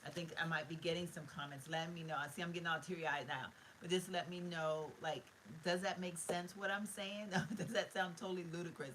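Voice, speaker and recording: A woman's voice: lowish voice, fairly even intonation, a little fast, hardly any pauses, a bit bright, slight background noise, rough recording. A middle-aged woman, chatting live from her bedroom to viewers in a heartfelt, rambling way. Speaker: vlogger. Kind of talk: casual live-stream chat. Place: bedroom at home.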